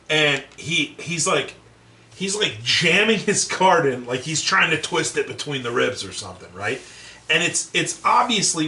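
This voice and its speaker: A man's voice: mid-range voice, roomy sound, distant mic, a little hiss or hum. A man co-hosting a podcast, ranting with lots of swearing in casual chat. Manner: ranting, profane, animated. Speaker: podcast co-host.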